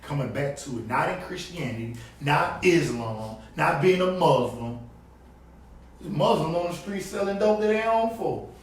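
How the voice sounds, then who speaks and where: A man preaching on the street, fiery and emphatic, swinging between loud and low. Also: expressive, normal speed. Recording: echoey, distant outdoor recording with faint background noise.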